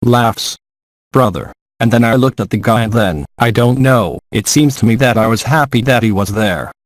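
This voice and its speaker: A man's voice: mid-range voice, normal speed, no room sound. Man reading a dry, close translation. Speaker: translation voice-over. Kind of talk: voiced-over English translation of a spiritual gathering.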